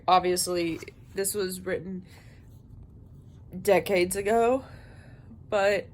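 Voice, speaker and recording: A woman's voice: darkish tone, slight background noise. Young female booktuber, exhausted and drowsy, chatting casually at night. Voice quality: sleepy, low-energy delivery. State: tired, yawning. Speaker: book vlogger. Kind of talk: casual late-night vlog.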